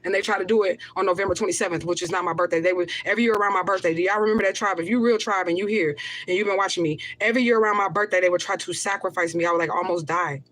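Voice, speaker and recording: A woman's voice: on the low side, rapid-fire, few pauses, fairly bright tone. A woman livestreaming to her viewers, rambling and profane, reading comments aloud and flaring into anger. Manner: repeats herself, flares up in anger. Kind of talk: emotional livestream talk to viewers.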